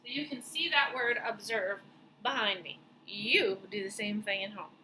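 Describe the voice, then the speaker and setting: A woman teaching a lesson to young children, speaking slowly and clearly as she encourages them to spell and clap out words. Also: medium pitch, pushed and bright, slight background noise, poor audio.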